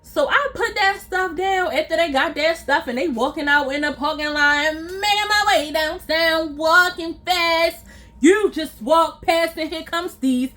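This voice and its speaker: A woman vlogger tells a personal story straight to her viewers in a casual, lively way. Her voice is high and bright. She hammers points home by repeating them and slips into the voices of the people in the story. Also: unhurried. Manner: animated, repeats phrases for emphasis, acts out quoted lines.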